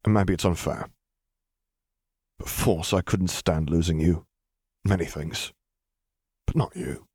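A man's voice: sits low, slow, pauses often, a little mellow, breathy edge, dry recording, studio quality, full character voice. A man voicing a stern middle-aged father, tight-lipped and hissing, afraid for his son. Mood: pleading. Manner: hissed, tight-lipped pleading.

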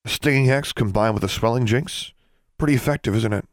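A man's voice: fairly low pitch, very animated, brisk, no room sound, clean studio sound, pitched above the performer's own voice. A man voicing a smug, taunting older schoolboy wizard.

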